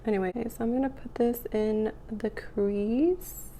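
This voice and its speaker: A young woman in a casual get-ready-with-me chat, talking through her makeup as she goes. Her voice has a gravelly fry and is still rough from the morning. She rambles a bit and fills gaps with "like" and "um". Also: a little high, steady tone, normal speed, mellow, a little hiss or hum. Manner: chatty, rambling, lots of "like" and "um". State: morning voice, clearing throat. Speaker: beauty vlogger.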